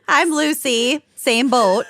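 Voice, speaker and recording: A woman's voice: high voice, expressive, extremely slow, a bit bright, no echo, clean studio sound. A woman co-hosting a podcast, teasing her friends playfully in casual chat. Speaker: podcast co-host.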